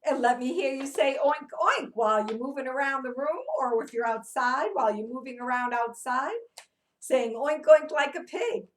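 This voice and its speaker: A woman's voice: high voice, moderate pace. A woman leading young children through an interactive read-aloud, coaxing them with questions and sing-song chants. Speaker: children's movement teacher.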